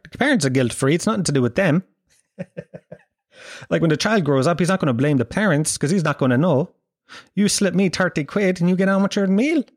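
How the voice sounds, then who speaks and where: A man's voice: high voice, dry recording, clean studio sound. A middle-aged Irish man doing a crude, rambling comedic monologue, acting out voices as he goes.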